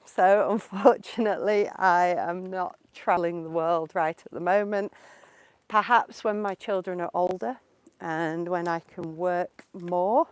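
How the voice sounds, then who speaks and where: On a portable mic while out walking in the countryside, an English teacher from England answers her viewers' questions during a laid-back live-stream lesson. Her voice is fairly low with fairly even intonation, slow and clear, and the recording is dry.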